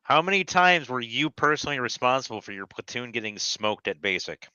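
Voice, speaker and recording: A man's voice: mid-range voice, lively intonation, fairly quick, sharp tone, smooth, dry recording, muffled recording. A man in casual chat who teases the others with blunt jabs.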